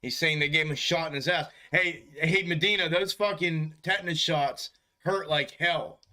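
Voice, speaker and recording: A man's voice: fairly high pitch, moderate pace, pushed and bright. A man hosting a stock market livestream in casual chat, laid-back and profane, often chuckling and calling viewers bro. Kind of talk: casual live-stream chat.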